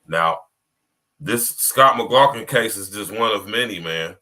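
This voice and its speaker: A man's voice: lowish voice, unhurried, sharp tone. A man hosting a podcast livestream, talking straight to his listeners in a rambling, emphatic monologue and often asking if they hear him. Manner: direct address to listeners, repetitive. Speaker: podcast host.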